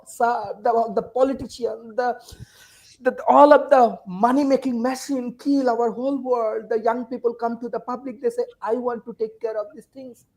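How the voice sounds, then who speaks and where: A university teacher from Bangladesh gives an emotional, urgent panel speech over a video call, full of repeated phrases and rhetorical questions. Her voice is high and mellow, and the recording is rough.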